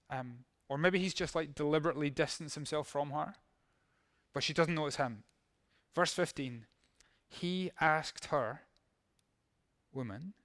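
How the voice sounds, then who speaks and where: A man's voice: fairly high pitch, a bit bright. A male pastor preaching a sermon in a conversational way, reading verses and acting out how they might sound.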